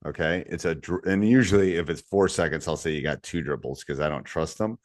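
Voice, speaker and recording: Deep-voiced man coaching podcast host. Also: brisk, no room sound, studio quality. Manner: relaxed, storytelling, drops to low asides. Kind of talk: casual podcast chat.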